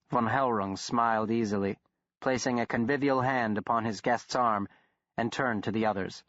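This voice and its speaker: A man narrating a horror audiobook in a steady, even storytelling manner. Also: mid-range voice, moderate pace, no echo. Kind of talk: scripted narration. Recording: dull, dry studio recording.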